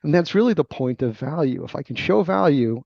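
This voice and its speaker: A middle-aged man with a gravelly voice, a guest author explaining sales ideas in a teacherly, emphatic interview manner. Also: on the high side, lively intonation, a little fast, no echo. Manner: emphatic, teacherly, checks in with "right?". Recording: dull lo-fi dry remote audio.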